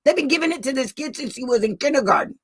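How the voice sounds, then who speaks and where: A special education advocate addresses parents live in a blunt, angry rant, her voice high, quick and lively in intonation. She raises her voice at times and laughs between her outbursts.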